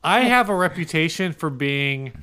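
Bright, lively-voiced male podcast co-host. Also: a little high, moderate pace, clean tone. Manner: rambling, hesitant, wry. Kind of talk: casual chat.

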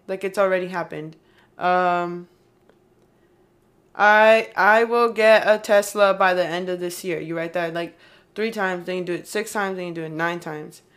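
A young woman chatting casually, her mid-pitched voice wandering through run-on sentences padded with fillers. She explains things loosely, one restart after another. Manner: rambling, heavy use of "like" and "um". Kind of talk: casual chat.

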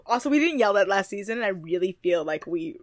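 A young woman co-hosting a podcast, chatting casually and quick to laugh while recapping a reality show. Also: mid-range voice, animated, no echo, clean studio sound. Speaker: podcast co-host.

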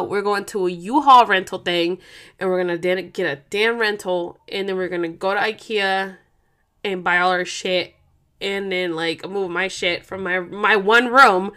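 A woman's voice: mid-range voice, fairly bright tone, clear, resonant tone. A woman, hosting a vlog in casual chat, rambling and swearing freely as she tells stories. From Oakland, California. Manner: rambling, profane, slangy storytelling. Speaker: vlog host.

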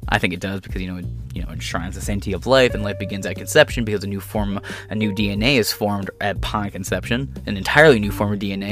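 A man giving ranting political commentary in a profane, sarcastic and combative way. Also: lowish voice.

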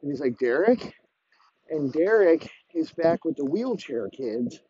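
A man's voice: fairly high pitch, expressive, moderate pace, mellow, slightly rough, highs cut off. A man telling a rambling, profane comedic story and acting out the characters. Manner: rambling, crude, acts out voices.

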